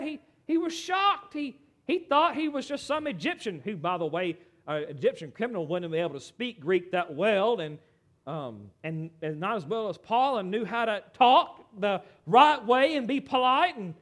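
Animated American preacher man, high-pitched. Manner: animated, conversational, asides to the congregation. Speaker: pastor. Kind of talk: sermon.

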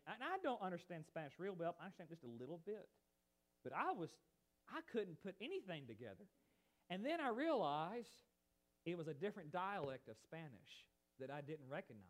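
An American man preaches a sermon in a high voice that rises and falls for emphasis. He speaks animatedly, hammering points home and breaking off for chatty asides to his congregation.

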